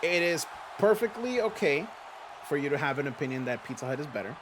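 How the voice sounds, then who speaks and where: A man streaming a wrestling game, chatting playfully with his viewers and reacting between matches. His voice sits a touch higher than most men's. A steady hiss of background noise runs under the desk-mic recording. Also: fairly quick. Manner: chatty and playful, talks straight to chat viewers. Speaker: streamer hosting a fantasy wrestling league. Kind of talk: casual livestream commentary.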